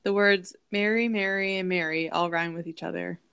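Gravelly-voiced young woman chatting casually. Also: fairly low pitch, normal speed, dull audio. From southern Minnesota. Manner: reads survey results aloud, chatty and relaxed. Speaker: podcast co-host. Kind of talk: casual chat.

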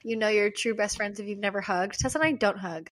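A woman's voice: medium pitch, fairly even intonation, fast. A young woman co-hosting a podcast, chatting casually with many "like"s and acted-out quotes. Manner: chatty, lots of "like", acts out quotes. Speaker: podcast co-host. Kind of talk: casual chat.

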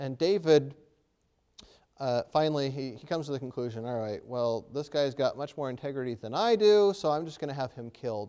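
A man preaching a sermon, retelling a story with sudden loud emphatic peaks and frequent hesitant restarts. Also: mid-range voice. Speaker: pastor.

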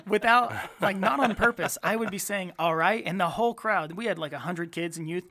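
A man, a youth minister, telling a story in casual chat with lively energy. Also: high voice, normal speed. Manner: animated storyteller, uses fillers.

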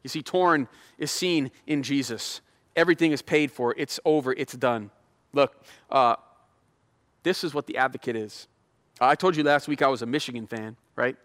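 A man's voice: medium pitch, normal speed, fairly bright tone. A middle-aged male pastor giving a sermon, chatty and self-deprecating, building into fervent prayer. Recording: long hall reverb.

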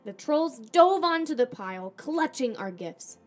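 A woman podcast host reading a children's storybook aloud in the first person, animated, with acted dialogue. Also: high-pitched, unhurried, soft background music.

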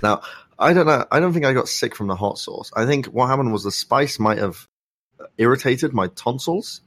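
A young man with a sore throat, speaking softly while telling a rambling, wry story in a casual podcast chat. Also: medium pitch, lively intonation, normal speed. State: sore throat, soft-spoken. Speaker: podcast co-host.

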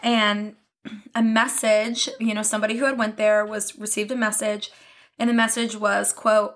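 A woman's voice: medium pitch, flat delivery, normal speed. A young woman co-hosting a podcast in casual chat, chatty and often laughing. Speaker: podcast co-host.

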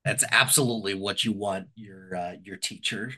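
A man's voice: low-pitched, moderate pace, pushed and bright. A man co-hosting a podcast, giving wry, sarcastic remarks in casual chat. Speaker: podcast co-host.

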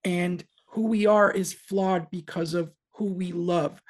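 A woman speaking as a podcast guest, an earnest voice actor talking in halting bursts with many restarts. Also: lowish voice, fairly even intonation, darkish tone. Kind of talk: casual podcast chat.

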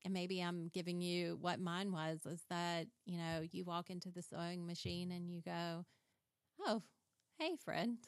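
A woman with a lowish voice hosts a podcast at a slightly slow pace, chatting casually and animatedly in an interview setting. She's a chatty storyteller who acts out little quoted scenes, captured in a dry, clean studio recording.

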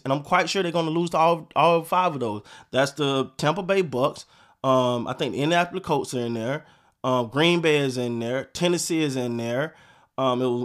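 A man's voice: on the high side, a bit bright. A man hosting a sports podcast, ranting in a frustrated, profane, repetitive way. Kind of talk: casual sports rant.

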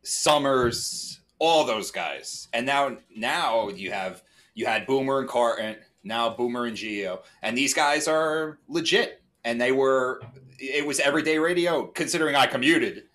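A man's voice: mid-range voice, a little slow, a bit bright. A man, hosting a casual podcast over a video call. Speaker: podcast host. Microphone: remote video call.

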